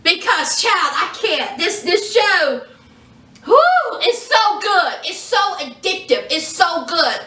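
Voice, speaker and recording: A woman reviewing a reality show in a casual vlog, telling the story in an animated, sassy way. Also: extremely high pitch, takes it slowly, far from the mic. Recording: echoey room, off from the mic.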